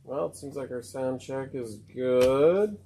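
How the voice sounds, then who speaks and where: Give me a slow, unhurried host on a live sewing show who greets chat viewers by name. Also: medium pitch, expressive, warm tone, husky. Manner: reads out viewer names and greets them one by one. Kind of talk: casual live-stream chat.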